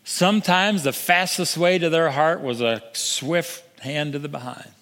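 An older man preaching a sermon, earnest, stumbling over restarts and sinking to soft, low emphasis. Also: a little slow. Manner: earnest, with repeated restarts and soft drops to near-whisper for emphasis. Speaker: pastor. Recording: long hall reverb.

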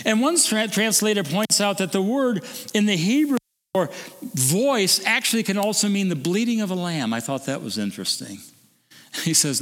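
A male preacher with a high-pitched voice delivers a sermon. He swings from emphatic declaiming down to soft, low musing. The sound rings with a long hall reverb. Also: big pitch swings, moderate pace. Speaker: pastor.

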